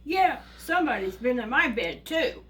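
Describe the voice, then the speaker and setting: A woman voicing a fussy mother bear in a children's storybook reading, slow and particular. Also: high-pitched, big pitch swings, a bit bright. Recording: distant mic with faint ambience.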